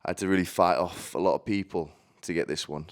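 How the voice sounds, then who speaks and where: A man delivering a rambling comedic monologue in a deadpan way, often stumbling and restarting his sentences. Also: sits low, fast, smooth. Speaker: comedy vlogger.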